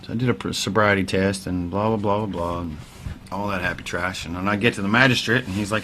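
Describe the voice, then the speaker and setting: A man, a veteran musician telling his story in a casual interview, candid and wry, swearing freely and dropping into quiet asides. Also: on the low side, fairly even intonation, brisk, slight background noise. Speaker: podcast guest, veteran musician.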